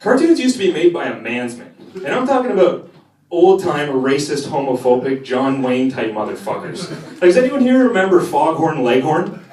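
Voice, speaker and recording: A man's voice: fairly high pitch, very animated, moderate pace, darkish tone. A young man doing a crude stand-up set, swearing and working the crowd in a cafe. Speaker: stand-up comedian. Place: cafe stage before a live audience. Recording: echoey room heard from a distance, crowd laughing.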